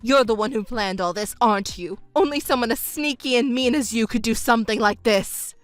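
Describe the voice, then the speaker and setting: A woman's voice: fairly quick, no echo, faint music behind, close to an everyday voice. A woman voicing a selfish, whiny middle-aged stepmother who pleads and complains in a texting story. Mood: indignant. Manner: shrill, pleading and self-pitying.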